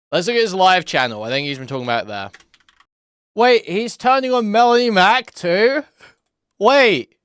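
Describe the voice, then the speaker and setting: A man's voice: high voice, animated, moderate pace, a bit bright, clean tone, no echo. A man hosting a live-stream commentary, sarcastic and rambling with lots of fillers.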